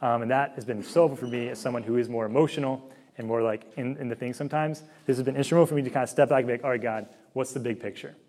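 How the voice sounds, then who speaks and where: Fast-talking man giving a casual faith talk. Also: mid-range voice, steady tone, warm tone. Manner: conversational, full of fillers and asides, acts out quoted dialogue. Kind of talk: casual sermon-style talk.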